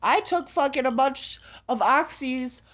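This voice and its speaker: A woman in a raw confessional monologue, distraught and halting, swearing heavily and breaking into shaky laughter. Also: sits high, fairly bright tone. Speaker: vlogger. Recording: dull lo-fi audio.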